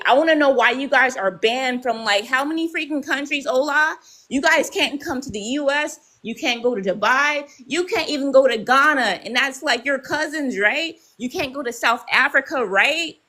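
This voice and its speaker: A woman's voice: fairly high pitch, pushed and bright, poor audio. A woman arguing angrily in a live stream, confrontational and profane, often tagging her points with "right?". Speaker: live debate participant. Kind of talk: heated live-stream argument.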